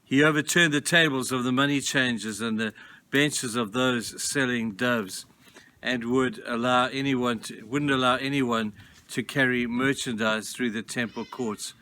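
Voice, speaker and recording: A man's voice: mid-range voice, fairly even intonation, measured pace, pushed and bright. Earnest preaching man, noisy recording. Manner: earnest, emphatic preaching, urging listeners. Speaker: pastor. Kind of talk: devotional sermon.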